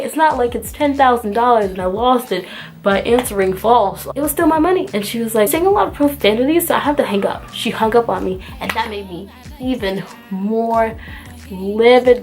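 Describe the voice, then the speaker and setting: A young woman from the United States telling a storytime to her viewers in an exasperated, animated way, acting out both sides of the argument. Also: medium pitch. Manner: animated, exasperated, acts out the dialogue. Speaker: vlogger. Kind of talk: storytime rant.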